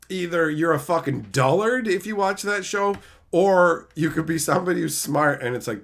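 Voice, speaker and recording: Male streamer, casual chat, profane ranter, fairly high, bright voice. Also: expressive, normal speed, gravelly. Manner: profane, ranting.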